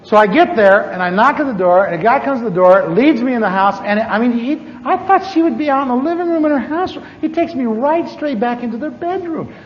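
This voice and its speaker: High-voiced man telling a story in a hall. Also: fairly quick, hardly any pauses, a little hiss or hum. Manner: animated storyteller, repeats words, chuckles. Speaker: preacher. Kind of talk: personal testimony sermon. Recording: dull lo-fi audio with long hall reverb.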